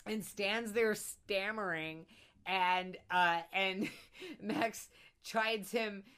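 A woman co-hosting a casual film discussion podcast, animated, acting out quotes as she laughs. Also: medium pitch, drawn-out words. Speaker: podcast co-host.

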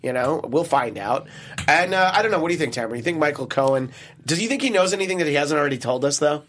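A man's voice: a little high, lively intonation, a bit bright, a little hiss or hum. Joking, slightly nasal male host. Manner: jokey, quick banter with laughs. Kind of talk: comedy news talk show.

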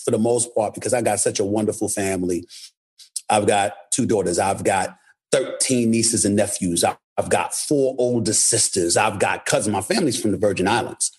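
A man from New York City talks bluntly in a low, husky voice, doubling back on his words for emphasis. His speech leans hard on each point, candid and personal. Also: moderate pace, darkish tone. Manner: emphatic, repeats himself, blunt. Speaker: guest. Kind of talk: candid interview talk.

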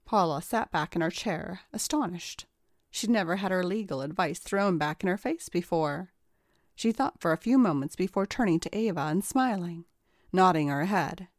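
An audiobook narrator, a woman with a fairly low voice, reads a scripted story in a steady, even storytelling style. She speaks at a normal speed, and the recording is dry with clean studio sound.

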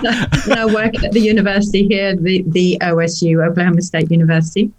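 A woman in her fifties from Norfolk, England, with an English accent, chatting warmly as a podcast guest. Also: on the low side, little pitch movement, brisk, poor audio. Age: 50s. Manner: friendly, laughs easily. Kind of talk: casual interview chat.

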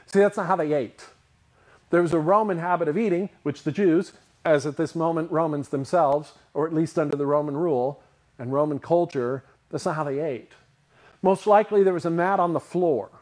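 A man preaching a sermon in a conversational style, asking his listeners questions and picturing scenes for them. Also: on the high side. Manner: conversational, animated, asks the audience questions. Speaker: pastor.

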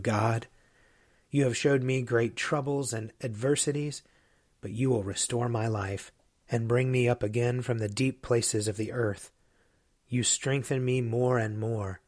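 Man slowly reciting a psalm. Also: medium pitch, no room sound, clean studio sound. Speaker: priest reading the psalm. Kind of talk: measured liturgical reading.

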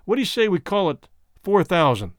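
A man's voice: high-pitched, very animated, no echo, studio quality, pitched above the performer's own voice. Mesner, a man playing a smug scheming talker. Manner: deliberate, judicial, mock-apologetic. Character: scheming, smooth-talking man, wordy and mock-polite.

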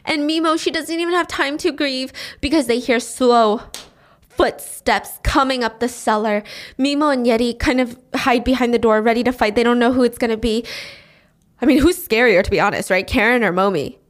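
A woman's voice: on the high side, normal speed. A woman casually recapping a drama's plot, telling it with animation and briefly voicing its characters.

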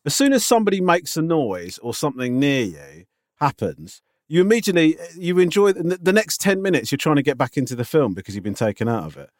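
Male co-host, expressive mid voice, dry sound, skeptical and teasing. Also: a little high, fast talker, no room sound. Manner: teasing, skeptical, stammers at sentence starts. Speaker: podcast co-host. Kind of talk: casual chat.

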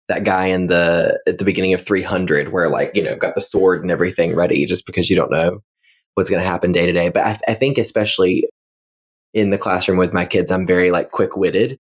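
Male co-host, very low voice, dry and self-mocking, loose chatty delivery. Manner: wry, self-deprecating storyteller with frequent fillers. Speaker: podcast co-host, middle school English teacher. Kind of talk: casual podcast chat.

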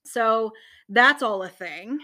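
Woman book reviewer, casual profane chat, bright voice. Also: on the high side, slow. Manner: profane, animated retelling with acted-out quotes.

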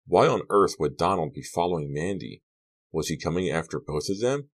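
A male narrator with an exceptionally deep, low voice reads a teen horror novel aloud. He delivers it as steady scripted audiobook narration and shifts his voice a little for each character's lines. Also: normal speed.

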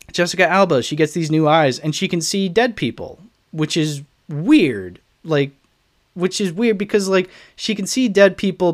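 A young man hosting a casual solo podcast, reviewing a film in an exasperated, sarcastic ramble full of fillers. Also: a little high. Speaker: podcast host.

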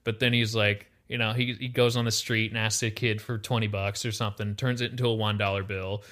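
This young podcast co-host speaks at a fairly low pitch and a slightly quick clip. In the casual chat he spins lively stories, performing other people's lines as he goes.

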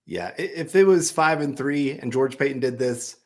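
A man's voice: medium pitch, normal speed, a little mellow. A man co-hosting a sports podcast, explaining his reasoning at length in a conversational way. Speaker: podcast co-host. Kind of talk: casual sports analysis.

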